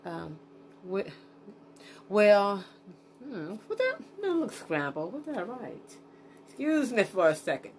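This solo podcast monologue comes from a woman whose medium-pitched voice is very animated, though she speaks slowly and leaves long pauses. There's a little hiss or hum. Off the cuff, she rambles with blunt profanity, lots of fillers and restarts, and talks to herself while stopping to consult her notes.

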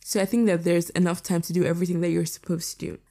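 A young woman in her late teens hosting her own podcast in a candid, casual monologue, rapid and repeating herself for emphasis. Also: fairly low pitch, level tone, dark tone. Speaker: podcast host.

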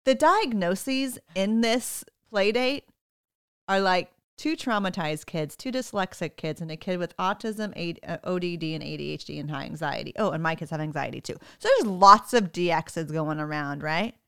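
A woman with a fairly low, smooth voice tells a family story in an animated, chatty way. She quotes her kids in passing and laughs along the way. The sound is dry and close. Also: normal speed, no room sound. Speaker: parent telling a story. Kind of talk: casual chat.

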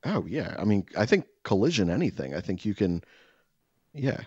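A man telling a rambling, profane story in casual podcast chat, exasperated and animated. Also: lowish voice, normal speed, husky, no echo, lo-fi sound.

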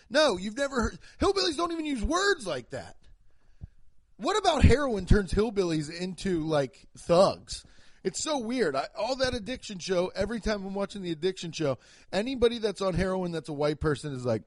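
A male stand-up comedian rants through his routine with an animated, profane delivery. His pitch sits a little high and swings widely. The sound is dry and close. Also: a little fast, dry recording.

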